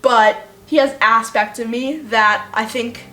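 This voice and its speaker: A woman's voice: on the high side, a little slow, pushed and bright. A woman writer reflects thoughtfully on her character in a behind-the-scenes interview. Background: faint music.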